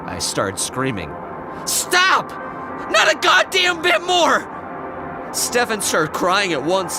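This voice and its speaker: A man narrating a scripted horror story, swinging between hushed dread and shouted outbursts. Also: fairly high pitch, low-quality recording. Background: music.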